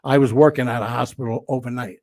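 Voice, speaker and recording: An older man, a guest telling stories in a casual interview, animated and profane, acting out what people said. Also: medium pitch, quick pace. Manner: animated, profane storyteller who acts out quotes.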